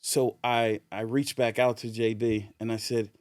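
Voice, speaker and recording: A man tells a story in a relaxed, animated way, laughing through it. His voice sits at an ordinary pitch. The sound is dry and close on a podcast mic. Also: a little slow, dry recording. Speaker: podcast guest. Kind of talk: casual anecdote telling.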